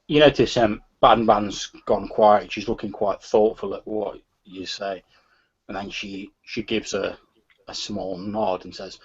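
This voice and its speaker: A man's voice: lowish voice, expressive, unhurried, creaky, breathy edge. A man running a tabletop role-playing game as game master, narrating hesitantly and often repeating words. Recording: dull lo-fi recording.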